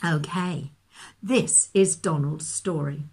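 A woman gently reading a children's Bible story aloud, with expressive storytelling. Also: low-pitched, slow pace, vocal fry, breathy edge.

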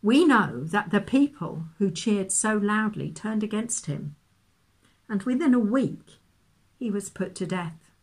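A woman gently reading a children's Bible story aloud, with expressive storytelling. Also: mid-range voice, a little slow.

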